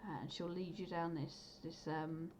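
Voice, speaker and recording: A woman's voice: low-pitched, fairly even intonation, measured pace, darkish tone. A woman narrating as the game master of a tabletop game, chatty and hesitant, full of ums and uhs. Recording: dull lo-fi mic with faint noise.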